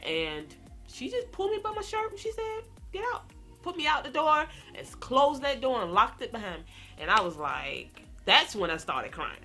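Animated young woman telling a story. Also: fairly high pitch. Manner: animated, slangy, talks to viewers directly. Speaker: vlogger. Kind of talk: storytime vlog.

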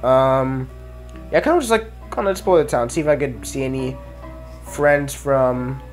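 A man's voice: mid-range voice, moderate pace, faint music behind. A man giving casual let's play commentary, mumbling and thinking aloud as he explores. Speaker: gameplay commentator.

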